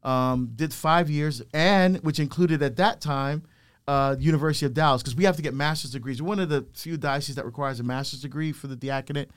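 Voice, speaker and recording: A man's voice: a little high, fairly quick, smooth. A middle-aged man telling his life story animatedly as a guest, acting out voices of people he quotes. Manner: lively, acts out quoted voices. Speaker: deacon and guest speaker.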